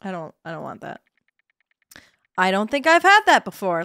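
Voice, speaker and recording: A woman's voice: mid-range voice, sing-song, moderate pace, long pauses, sharp tone, clear, resonant tone, no room sound, studio quality. A young woman streaming a game, joking with crude asides and chatting casually.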